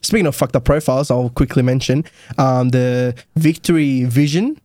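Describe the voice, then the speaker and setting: A man's voice: medium pitch, moderate pace, warm tone, dry recording, clean studio sound. A young man co-hosting a podcast, chatting crudely about motorbikes, rambling and repeating himself. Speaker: podcast co-host.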